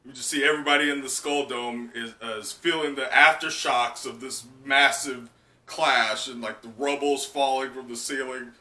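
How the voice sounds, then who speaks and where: A man's voice: medium pitch, fairly even intonation, normal speed, pushed and bright. A man hosting a live comic reaction, talking casually with laughs and many fillers. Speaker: host. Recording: echoey room, distant mic.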